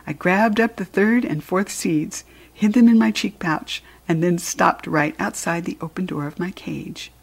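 Woman, storybook reader, gravelly, husky, playful and expressive. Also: lowish voice, a little slow. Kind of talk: reading a children's book aloud.

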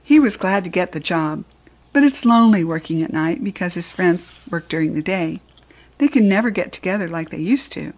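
A woman reading a children's storybook aloud in a gentle, expressive way. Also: fairly low pitch. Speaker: narrator.

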